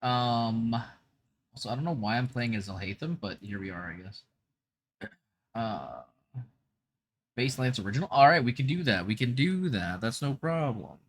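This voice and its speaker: A man's voice: medium pitch, big pitch swings, normal speed, long pauses. Chatty upbeat young man streaming. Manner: chatty, upbeat, full of fillers. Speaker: VTuber streamer. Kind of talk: casual gaming livestream chat.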